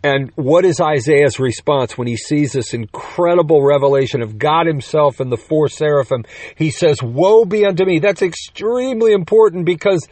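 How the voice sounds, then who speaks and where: A man's voice: fairly high pitch, moderate pace, few pauses, darkish tone, no room sound. A man preaching a sermon in a conversational teaching manner, with rhetorical questions and quips, growing emphatic on key points.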